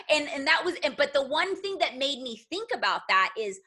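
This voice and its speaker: A woman, a direct sales team leader, telling her team an emotional motivational story in an animated way. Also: high voice, fairly quick, few pauses. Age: adult with children. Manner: emotional, animated, addresses listeners as "you guys".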